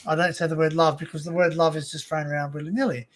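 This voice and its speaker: Streaming live from home into a desk mic, an Australian man with a slightly high voice for a man chats casually at a quick pace. His delivery is flat as he rambles and circles back, filling gaps with "you know" and "like," and there's a bit of hiss or hum.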